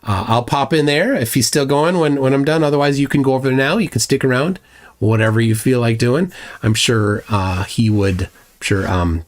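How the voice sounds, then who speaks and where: A man's voice: medium pitch, normal speed. A man hosting a livestream, blunt and mocking, commenting sarcastically and reading viewer chats aloud with frequent restarts. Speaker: livestream host.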